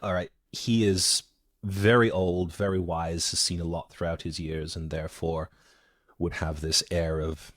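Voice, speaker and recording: A man with a very deep voice co-hosts a casual movie podcast. He speaks in a measured, wry way. The sound is close and dry. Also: little pitch movement, fairly bright tone, no room sound. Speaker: podcast co-host.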